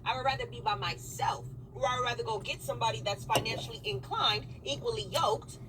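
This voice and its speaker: A woman's voice: on the high side, a little fast, recorded from a distance, noisy background. A woman in a played clip, talking emphatically and indignantly about not struggling with a man.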